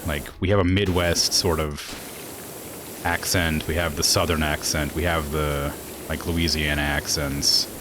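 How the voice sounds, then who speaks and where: Low-voiced rambling streamer guy. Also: flat delivery, measured pace, noisy background. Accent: northwestern US. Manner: rambling, filler-heavy, laughing asides. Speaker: game streamer. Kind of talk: casual stream chat while gaming.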